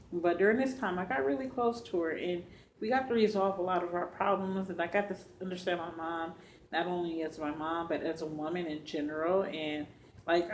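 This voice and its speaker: A woman's voice: fairly low pitch, darkish tone, a little hiss or hum. A woman casually telling a personal story to her viewers, talking to them directly as y'all with lots of fillers. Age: adult with a child. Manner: chatty, addresses viewers as y'all, many fillers.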